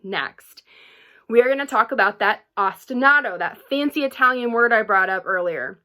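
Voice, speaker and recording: With a slightly high, animated voice that sounds pushed and bright, a young woman instructs children in music from home at a normal pace. Encouraging and patient throughout the remote class, she keeps asking "okay?" to check on them.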